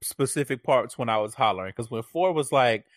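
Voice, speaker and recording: A man co-hosting a casual chat, recapping a reality show in a profane, animated way and acting out what people said. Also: medium pitch, brisk, no echo, studio quality. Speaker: podcast co-host.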